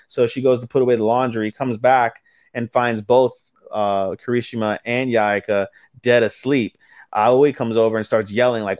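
A lower-voiced man on a casual podcast, retelling anime plots with animated, acted-out quotes and plenty of swearing. His voice sits dry and close on the mic. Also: normal speed, no room sound. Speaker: podcast co-host. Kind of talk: casual anime review chat.

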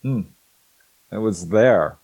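A middle-aged man, a guest in an interview, telling a personal story in a casual, animated way and acting out the dialogue as he goes. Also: lowish voice, slow pace, husky, no room sound, rough recording. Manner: hesitant restarts and fillers.

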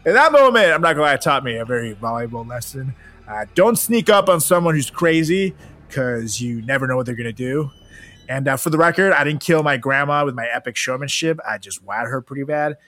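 A man's voice: medium pitch, expressive, a little fast, a bit bright, no room sound, soft background music. A young man hosting a comedy podcast, telling a funny personal story in a profane, laughing, playful way.

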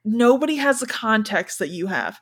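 A woman's voice: a little high, lively intonation, moderate pace, husky. A woman in casual chat about a show, agreeing often and trailing off mid-thought.

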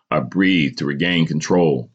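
Deep husky man telling his story. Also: muffled recording. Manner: dramatic storytelling with small stumbles. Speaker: podcast host. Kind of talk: reading a personal story aloud.

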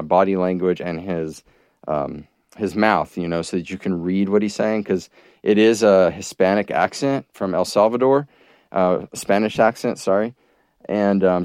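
A man's voice: deep voice, a little mellow, no echo, studio quality. A man hosting a podcast, talking casually in a rambling way with many restarts and fillers. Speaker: podcast host. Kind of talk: casual monologue.

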